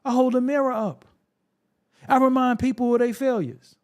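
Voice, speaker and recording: A man's voice: extremely high pitch, steady tone, normal speed, clear, resonant tone. A man hosting a solo hip-hop commentary show, talking bluntly and profanely, with a confrontational, preaching manner. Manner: repetitive, preaching.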